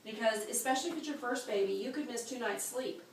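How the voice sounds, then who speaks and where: A woman's voice: on the high side, quick pace, slight background noise. A woman teaching a childbirth class in a practical way, showing the moves as she explains them. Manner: practical, demonstrating with gestures. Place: classroom at a birth center. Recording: echoey room, mic far off.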